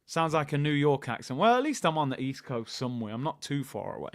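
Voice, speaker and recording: A man's voice: a little high, quick pace, no room sound, clean studio sound. A young man from hosting a football channel, chatting casually with jokey banter and slang. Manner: animated, jokey, slangy banter with put-on voices. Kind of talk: casual live-stream chat.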